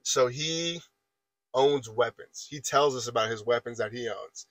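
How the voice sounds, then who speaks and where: A man in his twenties recounts a workplace argument in loose, rambling podcast chat. His voice sits at an ordinary middle pitch. The sound is dry and close, with little room echo. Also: measured pace, a bit bright. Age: 20s. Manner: rambling, repeats filler phrases and restarts while retelling an argument. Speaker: podcast guest telling a story. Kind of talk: casual storytelling chat.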